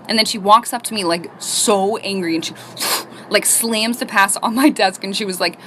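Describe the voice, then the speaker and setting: A woman's voice: mid-range voice, a little fast, slight background noise. A woman telling a school story casually and acting out the voices of the people in it. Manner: animated, acts out the people in the story.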